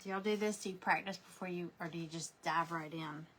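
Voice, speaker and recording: A woman's voice: fairly low pitch, steady tone, brisk, fairly bright tone, slight background noise. A woman, chatting casually while she crafts, rambling through stories with lots of fillers and restarts. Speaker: crafting vlogger.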